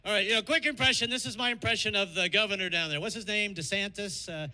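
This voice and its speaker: A man's voice: high voice, fast, bright, forceful tone. A man doing a stand-up comedy set, joking and slipping into impressions, with audience laughter in the room. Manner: jokey, breaks into sung bits and impressions. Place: comedy show venue. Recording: live club mic with audience laughter.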